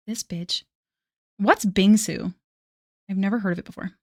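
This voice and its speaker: A woman's voice: medium pitch, steady tone, normal speed, vocal fry, no room sound. Chatty woman streamer, dry close mic. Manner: chatty, self-deprecating, laughing often. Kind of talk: casual live-stream chat.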